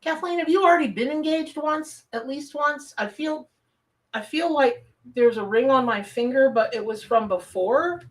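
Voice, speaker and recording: A woman's voice: high voice, lively intonation, moderate pace, far from the mic, poor audio. A woman from the American South with a Southern accent, hosting a live tarot reading and chatting casually with viewers as she reads their comments. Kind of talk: live-stream chat and reading.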